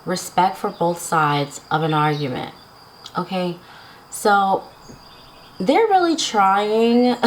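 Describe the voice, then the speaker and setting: On a low-quality recording with slight background noise, a woman in a mid-range voice does a casual tarot reading for viewers. Chatty and quick to laugh, she keeps asking "right?" and "okay?".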